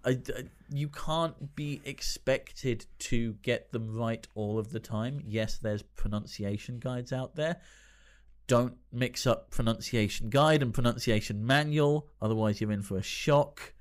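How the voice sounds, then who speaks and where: A man who hosts trivia nights, chatting casually on a podcast and laughing between phrases. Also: mid-range voice. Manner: newsreader background, measured delivery. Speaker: trivia host.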